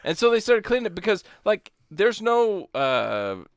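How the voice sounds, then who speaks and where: A man's voice: high-pitched, sing-song, measured pace, no room sound, studio quality. A man co-hosting a podcast, arguing his points in rambling explanations full of restarts. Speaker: podcast co-host. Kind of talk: crude casual podcast banter.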